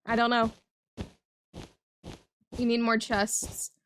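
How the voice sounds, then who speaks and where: Young female gaming host, high voice, giggly and rambling, casual storytelling over gameplay. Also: monotone, slow, smooth. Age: young adult. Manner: giggly, laughs often mid-sentence; chatty, rambling with restarts.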